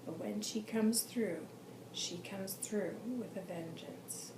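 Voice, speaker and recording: A woman with a scratchy, tired voice voicing a solemn ancient male spirit guide who speaks in formal, measured pronouncements. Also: mid-range voice. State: scratchy, fatigued voice. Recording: echoey room with background noise.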